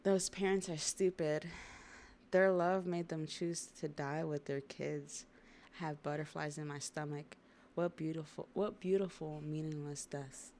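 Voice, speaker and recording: A young woman chats through her reactions on a livestream, slangy and excitable. Her voice sits low for a woman and carries a gravelly fry. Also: unhurried. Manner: slangy and excitable, says bruh and y'all. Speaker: livestreamer reading and reacting to a comic. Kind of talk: casual reaction chat.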